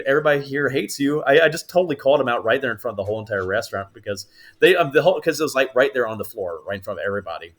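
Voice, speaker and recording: A man chatting as a podcast guest, steady in pitch and right in the middle range for a male voice. He tells stories with animation and acts out quoted lines in borrowed voices. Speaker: actor guest. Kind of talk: casual podcast chat.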